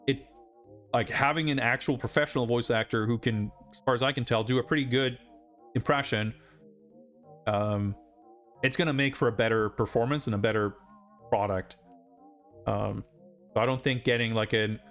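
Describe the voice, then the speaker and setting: A man's voice: medium pitch, fairly bright tone. A man casually chatting while streaming a video game live, rambling with lots of fillers and asides.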